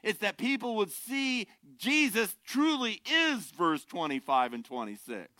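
Older male pastor, sermon, bright and forceful, animated, dry close sound. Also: high-pitched, unhurried, dry recording. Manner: animated, swings from shouting to quiet asides.

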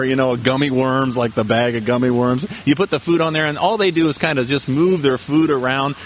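A man's voice: medium pitch, a little hiss or hum. Conversational man preaching a sermon. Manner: conversational, with asides and rhetorical questions. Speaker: pastor.

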